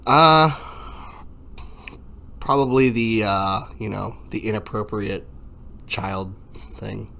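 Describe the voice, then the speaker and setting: A man co-hosting a casual podcast, laid back and cracking quick jokes with plenty of swearing. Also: fairly low pitch, vocal fry, sharp tone. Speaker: podcast co-host. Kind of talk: casual chat.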